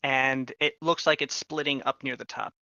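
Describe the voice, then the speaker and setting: A man narrating a tabletop game as game master, slow and deliberate. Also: medium pitch, steady tone, sharp tone, dry recording, highs cut off.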